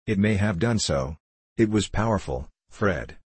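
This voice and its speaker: A man's voice: lowish voice, expressive, a little slow, darkish tone, slightly rough, dry recording. A man voicing a flippant, jaunty young idler who talks in a breezy, joking way. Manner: breezy, joking, lightly mocking.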